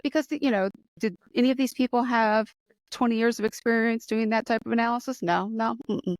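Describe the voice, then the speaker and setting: A woman's voice: brisk, dry recording. A woman hosting a conversational interview, from the United States, talking in an enthusiastic and emphatic way. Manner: enthusiastic, emphatic, rising pitch when excited. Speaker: podcast host.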